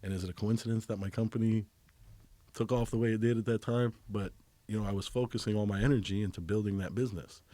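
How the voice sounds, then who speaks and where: A man's voice: lowish voice, steady tone, fast, warm tone, no room sound. A man as a podcast guest in casual chat, laid-back and rambling, swearing casually.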